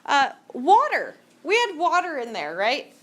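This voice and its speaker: A woman teaching a high school class in a classroom, lecturing in a joking, teasing way and throwing questions at the students. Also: huge pitch swings, a little slow, a bit bright.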